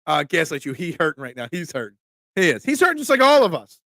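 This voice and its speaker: A middle-aged man with a thick Delco accent from the Philadelphia area, hosting a casual live chat in a blunt, rambling way. His voice sits a little high and carries a gravelly edge. The sound is dry and close, with no room around it. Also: wildly swooping pitch, fast, bright, forceful tone, no echo. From Delaware County, Pennsylvania. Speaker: host, pizza shop owner.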